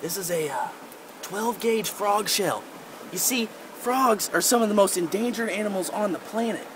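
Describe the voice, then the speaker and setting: A man's voice: sits high, animated, normal speed. Young man, mock nature guide, rambling fake-expert delivery, recorded outdoors on a noisy camera mic. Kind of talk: goofy deadpan nature-show parody. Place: outdoors in woods and rocky creek bed. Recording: outdoor camera audio with noise.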